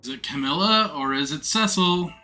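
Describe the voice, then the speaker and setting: Man, game streamer, live commentary, animated, bright lively voice. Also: a little high, normal speed. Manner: animated, excitable reactions.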